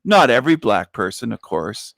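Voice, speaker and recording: A man's voice: medium pitch, very animated, normal speed, vocal fry, fairly bright tone, no room sound. Guy hosting a stream, mid voice, keeps repeating himself in a taunting sing-song, dry close mic. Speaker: online show host. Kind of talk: mocking livestream monologue.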